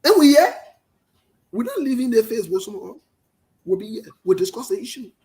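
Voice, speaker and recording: A man with a Liberian accent giving emphatic political commentary, talking loudly and repeating his points. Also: high voice, quick pace. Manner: forceful, emphatic, repetitive, passionate.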